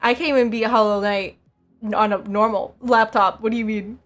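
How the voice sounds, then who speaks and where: A woman's voice: fairly high pitch, fairly even intonation, normal speed, faint music behind. A young woman streaming, chatting casually with her viewers, laughing often and repeating herself.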